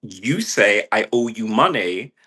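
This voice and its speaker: A man's voice: fairly low pitch, slow pace, breathy edge. A man in a casual home vlog, ranting with lots of swearing and acting out quoted voices. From California. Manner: profane, rambling, animated quoted voices. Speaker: vlogger. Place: indoors at home with a puppy.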